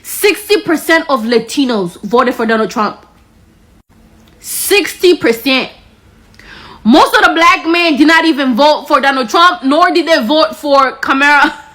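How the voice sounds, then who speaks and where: A woman's voice: high voice, moderate pace, pushed and bright. A woman in a casual social media clip, chatty and mocking, laughing often as she talks.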